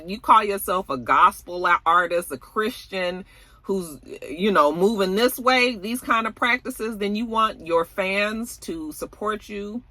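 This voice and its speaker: A woman's voice: medium pitch, sharp tone, dry recording. A woman hosting a casual gossip commentary show, talking straight to her viewers in a chatty way with plenty of fillers. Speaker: YouTube celebrity gossip host.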